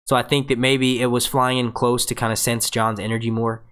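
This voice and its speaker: A man hosting a live show breakdown, talking excitably and swearing a lot, dropping quick jokes and impressions. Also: mid-range voice, clean tone. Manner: excitable, profane and jokey, does quick impressions. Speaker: livestream host. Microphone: webcam mic with green screen.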